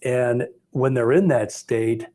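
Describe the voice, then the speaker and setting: Calm, mellow-voiced man. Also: medium pitch, takes it slowly. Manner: calm, relaxed, even-keeled. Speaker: experienced sales agent. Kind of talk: casual chat.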